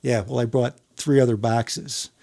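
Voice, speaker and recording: Gravelly firefighter telling a rambling story. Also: male voice, mid-range voice, flat delivery, a little slow, dark tone. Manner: rambling, many restarts, swears casually. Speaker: firefighter guest. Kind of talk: casual storytelling chat.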